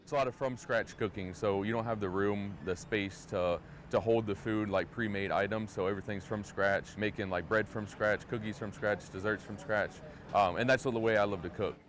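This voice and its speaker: A man's voice: on the low side, steady tone, moderate pace, a bit bright, slight background noise. A man, a Navy cook, talking casually aboard a submarine, with lots of "like" and restarts. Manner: casual, filler-heavy talk with frequent "like" and restarts. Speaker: Navy culinary specialist. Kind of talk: interview answers.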